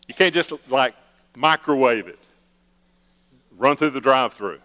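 A man's voice: mid-range voice, moderate pace, long pauses, fairly bright tone. Man preaching in a reverberant hall. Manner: conversational preaching with playful acted-out prayers. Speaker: pastor. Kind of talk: sermon.

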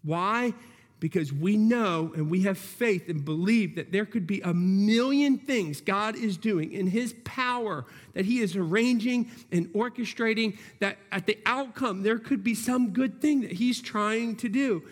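A man with a high-pitched voice preaches a sermon in a church hall with a long reverb. He works through his points earnestly, restarting phrases as he reasons aloud. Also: measured pace. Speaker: pastor.

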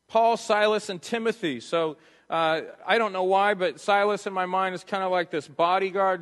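A man with a notably high voice preaches to his congregation, earnest and emphatic, hammering his points through repetition. His words ring out with a long reverberant tail in a church hall. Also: fairly bright tone. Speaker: pastor. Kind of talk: sermon. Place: church sanctuary.

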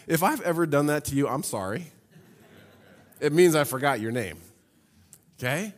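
A man preaching a sermon, reading scripture and explaining it in a lively, conversational way with humorous asides. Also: fairly high pitch, moderate pace, long pauses. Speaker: pastor. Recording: long hall reverb.

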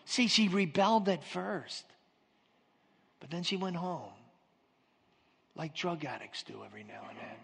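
A man's voice: on the high side, expressive, a little slow, creaky, long pauses, a bit bright, breathy edge. A man preaching a sermon as pastor, telling stories and acting out quotes, chatting with the congregation. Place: church sanctuary. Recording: long reverb in a church hall.

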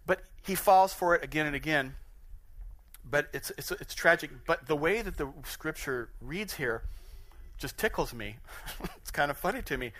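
A man preaching a sermon in an animated, conversational way, often chuckling at his own points. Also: on the high side, normal speed. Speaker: pastor.

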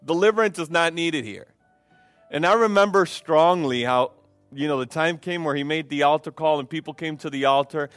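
A man's voice: fairly high pitch, fairly bright tone, no echo. A man preaching a sermon and leading prayer at a church service, with fervent delivery, repeated phrases and frequent fillers. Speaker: pastor.

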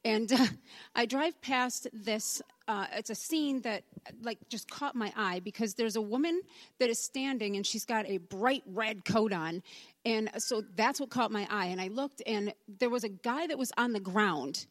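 A woman from the congregation tells a personal testimony as a relaxed story and acts out the dialogue as she goes. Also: a little high, measured pace, dry recording. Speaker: church member giving a testimony.

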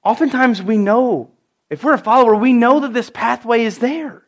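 Male preacher, light high voice, emphatic storytelling sermon. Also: normal speed.

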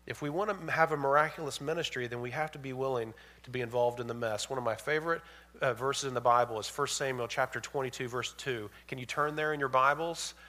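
A man preaching a sermon, swinging from loud emphatic points to hushed storytelling. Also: medium pitch, quick pace. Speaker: pastor.

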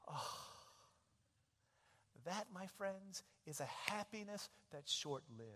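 Give me an animated male pastor preaching, with a long hall reverb. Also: unhurried, pauses often. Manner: animated storytelling, big swings in pitch and loudness. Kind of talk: sermon.

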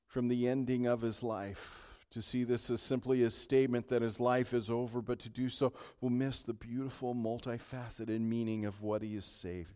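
A male pastor preaching a sermon in a church, dropping to near-whispers at times and building to loud, triumphant declarations. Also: mid-range voice, flat delivery, moderate pace, hardly any pauses, clean tone. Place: church sanctuary.

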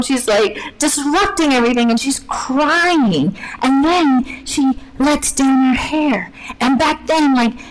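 A woman's voice: sits high, low-quality recording. A woman giving a casual Bible teaching to women, chatty and full of "like", acting out the story as she tells it. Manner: chatty, peppered with "like", acts out the story. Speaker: women's ministry speaker.

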